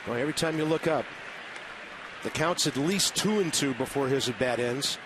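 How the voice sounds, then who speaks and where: A man calling baseball play-by-play from a ballpark booth, brisk and conversational with wry asides. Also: mid-range voice. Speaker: play-by-play announcer. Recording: noisy broadcast audio.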